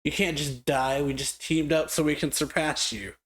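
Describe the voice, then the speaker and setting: A man's voice: fairly high pitch, steady tone, normal speed, a bit bright, pitched above the performer's own voice, natural voice. A man reading out the lines of an indignant male mad scientist. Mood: outraged.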